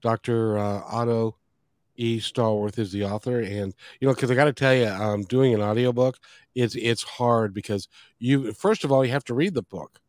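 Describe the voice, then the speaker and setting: A man's voice: medium pitch, moderate pace, a little mellow, no room sound, studio quality. A man hosting a podcast interview, friendly and praising, repeatedly urging listeners to get his guest's book. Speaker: podcast host.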